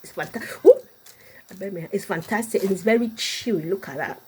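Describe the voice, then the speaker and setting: A woman's voice: medium pitch, fairly quick, mellow, a little hiss or hum. A middle-aged woman from Ghana chatting casually to her viewers as she cooks in her home kitchen, laughing often. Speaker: cooking vlogger. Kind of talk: casual cooking demonstration.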